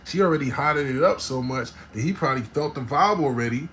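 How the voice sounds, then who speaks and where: A man's voice: lively intonation, fairly quick, a little hiss or hum. A man telling a personal story in a casual, slang-filled way, checking in with "right?" and "you know what I'm saying" as he goes. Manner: swings between low muttering asides and loud emphatic bursts.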